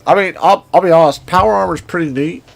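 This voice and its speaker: Gravelly guy w/ a twang, rambling folksy game commentary. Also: sits high, fast. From Indiana. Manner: rambling, folksy, talks to himself while playing. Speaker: gaming streamer. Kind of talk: casual gameplay commentary.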